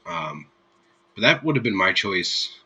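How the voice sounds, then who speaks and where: A man's voice: low voice, sing-song, a little slow, pushed and bright, breathy edge, rough recording. A man hosting a live stream, chatting casually with his viewers in an easygoing, rambling way and laughing freely. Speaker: streamer host.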